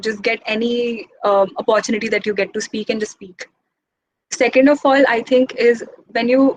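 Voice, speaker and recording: A young woman giving an informal talk as guest speaker, speaking quickly in a chatty, encouraging way. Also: medium pitch, a little hiss or hum, poor audio. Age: young adult.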